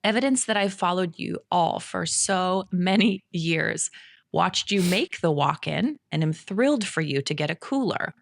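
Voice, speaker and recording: A woman's voice: fairly low pitch, expressive, measured pace, gravelly, dry recording, studio quality. A woman around forty co-hosting a podcast in casual, enthusiastic chat, laughing often. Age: about 40. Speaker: podcast co-host.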